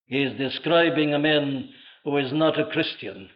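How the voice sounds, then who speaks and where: Fairly high-pitched and a little slow, an older man from Wales delivers a sermon packed with forceful rhetorical questions and sweeping crescendos. The archive recording sounds dull and lo-fi.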